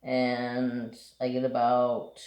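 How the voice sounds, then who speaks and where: A man hosting a craft channel, telling a story in a relaxed, rambling way and swearing casually. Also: medium pitch, extremely slow, a little hiss or hum. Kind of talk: casual storytelling while painting. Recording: roomy echo.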